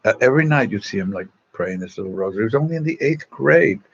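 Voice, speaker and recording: A man's voice: fairly low pitch, animated, fast, creaky, husky, lo-fi sound. Chatty man telling stories on a phone stream. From East Los Angeles. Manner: chatty, self-mocking, reads out viewer comments. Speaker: Salesian religious brother on a livestream. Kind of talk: casual storytelling to online viewers. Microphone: phone propped at an angle.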